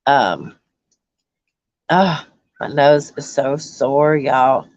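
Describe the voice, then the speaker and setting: A woman chatting on a livestream, halting with many ums and restarts as she reads viewer comments. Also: rumbling low, darkish tone, dry recording, muffled recording. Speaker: YouTube livestream host. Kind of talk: casual livestream chat reading comments.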